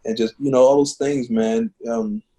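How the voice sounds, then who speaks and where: A man's voice: medium pitch, steady tone, moderate pace, mellow, slight background noise, poor audio. A man, a musician and teacher, telling earnest, heartfelt stories in a conversational interview, with lots of "man" and "you know". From Baltimore. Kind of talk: reflective conversational storytelling. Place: home living room.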